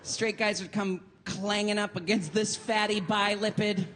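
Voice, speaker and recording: A woman from Portland, Oregon, performing a theatrical stand-up set with camp flair and sudden shouted rants. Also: medium pitch, fairly even intonation, measured pace. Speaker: stand-up comedian. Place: comedy venue with a laughing audience. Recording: live stage mic, audience noise.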